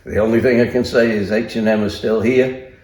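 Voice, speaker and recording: A man's voice: fairly low pitch, fairly even intonation, brisk, a little mellow. A man being interviewed as a guest, speaking plainly and steadily with some hesitant fillers. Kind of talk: casual interview. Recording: roomy echo.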